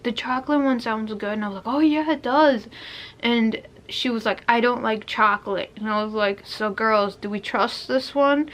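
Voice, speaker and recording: A woman's voice: a little high, a bit bright. A young adult woman rambling casually through a storytime vlog, restarting sentences and saying "like" a lot. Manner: rambling, heavy use of "like", frequent restarts. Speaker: vlogger.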